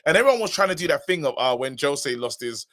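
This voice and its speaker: Casting: animated male fan co-host, fairly high, bright voice. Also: quick pace. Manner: animated, emphatic, repeats himself. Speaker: co-host of a football fan show. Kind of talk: casual live-stream chat.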